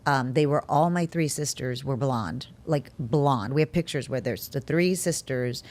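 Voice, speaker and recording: A woman from Texas, an interview guest telling a casual story, animated, laughing often and acting out what her family said. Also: rumbling low, a little slow.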